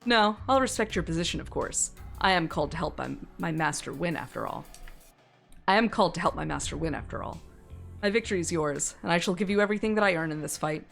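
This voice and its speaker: A woman's voice: lowish voice, animated, fast talker, vocal fry, soft background music. A woman voicing an arrogant young male warrior servant who talks down sarcastically to his new master. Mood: condescending. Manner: condescending, sarcastic.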